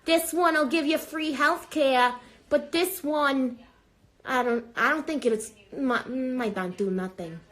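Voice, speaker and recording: A woman's voice: high-pitched, slow pace, a bit bright. A woman playing a brash, foul-mouthed older grandmother, rambling in an improvised phone livestream. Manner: rambling, brash, swearing, easily sidetracked. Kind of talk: improvised comedy character livestream.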